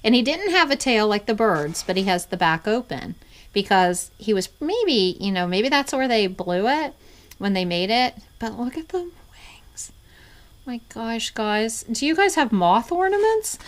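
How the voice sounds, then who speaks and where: A middle-aged woman reselling vintage goods, chatting casually to her viewers and often dropping into an excited hushed near-whisper. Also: medium pitch, moderate pace. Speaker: vintage reseller showing inventory. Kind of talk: casual vlog chat.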